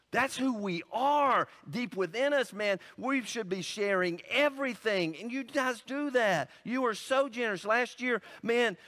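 A male pastor preaching a sermon in an animated, conversational way, full of asides and exclamations. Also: sits high.

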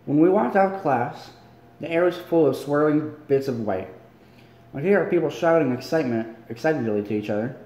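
Man reading aloud, tired, self-correcting, mellow tone, roomy echo, phone recording. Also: fairly high pitch, expressive, fairly quick. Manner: stumbles and corrects himself while reading. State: tired, yawning. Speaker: amateur reader. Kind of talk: casual read-along of a novel. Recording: echoey room.

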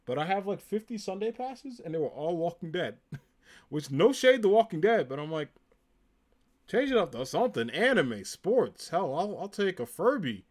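A man's voice: high voice, very animated, moderate pace, darkish tone. Upbeat chatty man with a Jersey lilt. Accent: New Jersey. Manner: upbeat and chatty, many ums and likes. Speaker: live streamer showing a convention haul. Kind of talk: casual live-stream chat.

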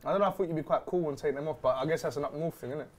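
Fast-talking brash male chat show host. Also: on the high side, a crowd in the background. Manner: brash, teasing, swears freely. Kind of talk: casual chat.

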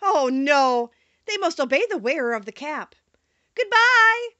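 A woman voicing the tiny queen of the field mice, speaking in a squeaky little voice. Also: expressive, a bit bright, no room sound, highs cut off. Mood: kindly. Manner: squeaky, kindly and brisk.

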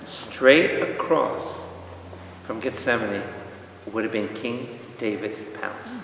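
New priest, lively Bible teacher, quizzes the crowd, distant echoey hall. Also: male voice, lowish voice, takes it slowly, vocal fry, a little hiss or hum. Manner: animated, asks the audience questions, acts out quotes.

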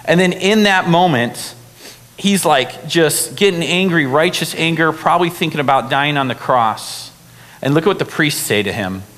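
Young male pastor, casual animated sermon, slightly high voice, long church-hall reverb. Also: moderate pace. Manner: casual, animated preaching with many fillers.

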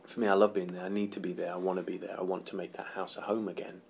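An English man chats in a relaxed press interview and tells animated stories. His voice sits on the low side. Faint noise hums behind him. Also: rapid-fire, gravelly. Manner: animated storyteller, laughs often, acts out quotes. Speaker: actor being interviewed.

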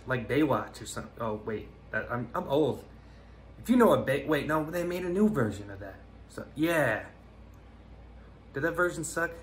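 A man's voice: medium pitch, slight background noise. Mumbling, half-whispering young man outdoors. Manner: mumbling, trailing off into near-whispers, self-mocking. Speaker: comedy video creator. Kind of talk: rambling comic monologue. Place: outdoors on a hike.

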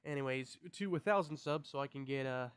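A man's voice: mid-range voice, a little fast, clean tone, no echo. A young man talking casually to his subscribers, rambling, tripping over his words and swearing now and then. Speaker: YouTuber.

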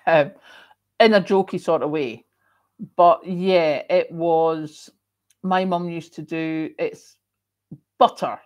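A deep-voiced, middle-aged woman from Scotland hosts a livestream in a moderated Scottish accent. Casually chatting, she reads viewer comments aloud, frequently coughing and filling pauses with "um."

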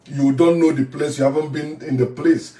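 A former pastor turned online commentator, with a Nigerian accent, rants heatedly to camera in a preachy monologue, repeating phrases to hammer his points home. His warm, higher-pitched voice holds a steady tone at a moderate pace. The room is echoey, and he sounds distant from the mic.

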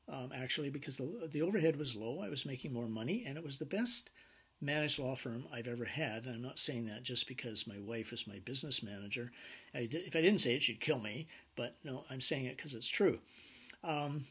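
Husky-voiced man telling business anecdotes. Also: fairly high pitch. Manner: animated storyteller acting out quoted dialogue. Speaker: business instructor. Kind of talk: lecture with personal anecdotes.

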